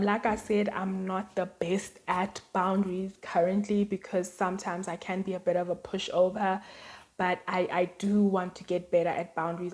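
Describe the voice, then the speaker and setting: A woman's voice: on the low side, a little mellow. Chatty woman vlogging casually. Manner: chatty, storytelling, many fillers and "like". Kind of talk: casual chat to camera.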